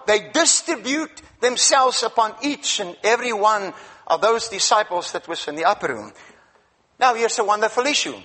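A man's voice: high-pitched, bright, forceful tone. A man from Africa preaching a sermon as a guest speaker, emphatic, asking the congregation questions and repeating words.

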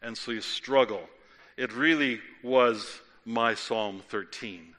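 Bright-voiced male preacher in a big hall. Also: medium pitch, takes it slowly. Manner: storytelling, reads quotes aloud with feeling. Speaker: pastor. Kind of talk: sermon. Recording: long reverb of a large hall.

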